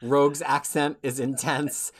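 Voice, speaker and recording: A woman's voice: low-pitched, little pitch movement, measured pace, crowd noise. A woman hosting a comic book podcast, reading a scripted opening and then teasing her co-hosts. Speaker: podcast host.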